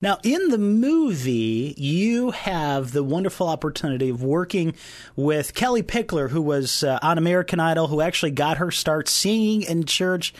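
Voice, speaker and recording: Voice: mid-range voice, very animated, moderate pace. A radio host conducting an interview in an upbeat, friendly manner.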